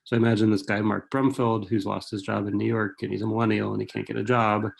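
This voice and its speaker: A middle-aged man giving an author talk at a library, speaking quickly and digressively with many restarts and fillers. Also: on the low side, little pitch movement, vocal fry. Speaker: author and writing professor.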